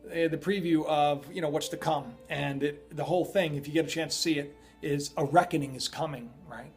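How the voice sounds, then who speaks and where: A man with a slightly high voice and fairly even intonation talks a little fast over soft background music. As host of a prophecy video, he delivers a loose, talkative monologue on the signs of the end times, heavy on fillers and tangents.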